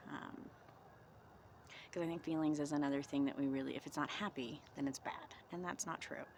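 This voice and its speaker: A woman vlogging outdoors in the cold, talking through reflective self-help questions in a gentle, encouraging way. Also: low voice, fairly even intonation, a little fast, a little hiss or hum.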